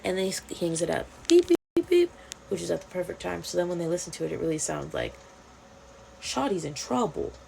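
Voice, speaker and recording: A woman casually retelling a webtoon plot to her viewers, animated and swearing freely, acting out the characters' lines. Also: on the low side, quick pace, gravelly, a little hiss or hum, low-quality recording. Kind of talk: casual storytime rant.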